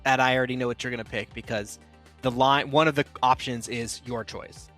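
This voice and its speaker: A man hosting a casual podcast chat, briskly running listener questions and laughing easily. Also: mid-range voice, fairly even intonation, a bit bright, faint music behind. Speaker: podcast host.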